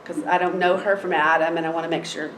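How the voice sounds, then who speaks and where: A woman's voice: sits low, fast talker, a crowd in the background. Blunt middle-aged woman telling a story, roomy echo. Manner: blunt, animated, with many fillers. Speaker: court reporter. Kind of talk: anecdotal storytelling in a seminar chat.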